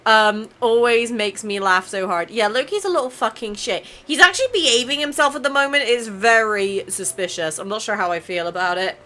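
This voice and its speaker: Bright-voiced chatty young woman vlogger. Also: on the high side, brisk, hardly any pauses. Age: 20s. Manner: chatty and emotional, swears casually and laughs often. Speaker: YouTube channel host. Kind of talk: casual vlog chat reading viewer comments.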